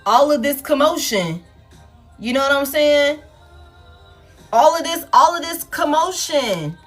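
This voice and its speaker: A woman's voice: high-pitched, animated, a little slow, a bit bright, soft background music. A woman reading tarot in a casual, blunt monologue, swearing often and repeating phrases for emphasis. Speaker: tarot reader. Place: home setup, soft music playing behind her.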